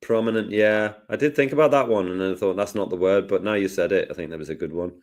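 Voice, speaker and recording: Man, host, design tutor, casual live lesson, jokey banter, lowish voice. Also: quick pace. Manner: jokey, self-deprecating banter.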